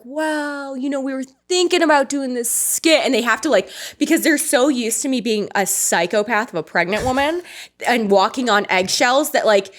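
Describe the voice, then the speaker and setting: Woman guest, slightly high voice, salty joking storyteller. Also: fairly bright tone. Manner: swearing, joking storyteller who acts out quotes. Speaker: podcast guest. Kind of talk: casual chat.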